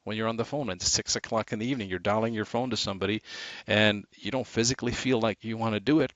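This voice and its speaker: A man giving a motivational sales training talk, animated, shifting his inflection and speed for emphasis. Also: on the low side, fast talker, dry recording. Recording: dull lo-fi dry recording.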